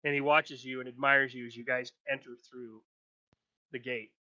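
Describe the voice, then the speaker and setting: A man's voice: mid-range voice, little pitch movement, moderate pace, pushed and bright, no room sound, highs cut off. A man running a tabletop game as game master, narrating loosely with many restarts. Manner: rambling, restarts, acts out figures.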